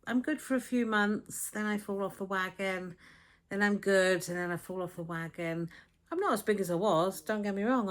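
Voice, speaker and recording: A woman in her fifties, talking casually to a camera on a tripod at home, blunt and frank, swearing freely and acting out conversations. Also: mid-range voice. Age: 50s. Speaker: vlogger. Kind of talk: casual chatty vlog. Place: home, with a dog barking next door.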